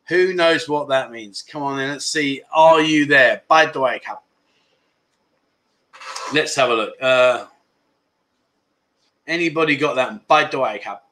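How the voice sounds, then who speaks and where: A man chats on a casual livestream and reads out viewer comments. He jokes and teases as he goes, in a high, bright voice that rings clearly. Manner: jokey, teasing viewers, laughs often. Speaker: livestream host.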